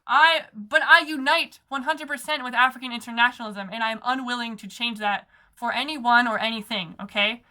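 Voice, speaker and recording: Heated, sarcastic young woman, high bright voice. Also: brisk, few pauses. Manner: sarcastic, heated, many fillers like "like" and "okay". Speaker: organizer giving a talk. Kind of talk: impassioned political talk.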